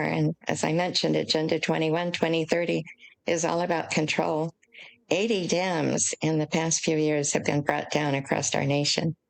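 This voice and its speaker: An older American woman with a low voice and a gravelly edge explains her points at length as an interview guest. She speaks in an earnest, measured way. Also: poor audio. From United States. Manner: earnest, emotional at times, measured.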